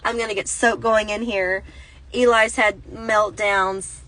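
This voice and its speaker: A woman's voice: medium pitch, steady tone, measured pace, a bit bright, low-quality recording. A woman in her thirties telling a rambling, self-correcting story in a casual vlog, recorded on a phone inside a parked car. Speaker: Christian vlogger.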